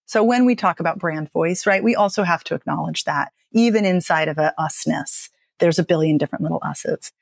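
A woman speaking as a speech and dialect coach, explaining with emphatic, lively phrasing and frequent "right?" checks. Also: deep voice, a little fast, vocal fry, hardly any pauses, no room sound, studio quality. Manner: animated, emphatic, lots of "right?". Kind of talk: podcast interview guest.

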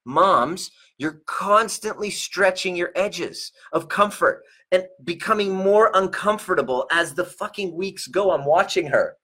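Middle-aged male coach, husky, bright tone, profane and animated. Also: fairly high pitch, measured pace. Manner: profane, animated, laughs often. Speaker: relationship coach and chiropractor. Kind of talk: casual monologue to viewers.

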